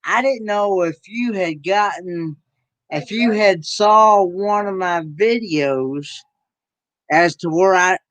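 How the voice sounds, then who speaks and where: A man with a Southern accent chatting casually as host, often halting and restarting his sentences. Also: sits high, a bit bright, dry recording. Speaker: YouTube channel host. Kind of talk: casual chat.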